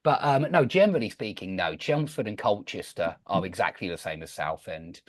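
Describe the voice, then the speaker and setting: A man's voice: low-pitched, expressive, fairly quick, no echo. A man from the south of England with a Southeast English accent close to RP, chatting and explaining words to an online class with many restarts, heard over a video call. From Southend, Essex, England. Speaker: English teacher. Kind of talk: online group class talk.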